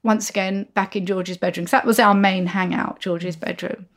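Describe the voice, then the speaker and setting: A woman being interviewed tells an anecdote in an animated way, acting out the voices of the people in her story. She speaks at a moderate pace in a mid-range voice.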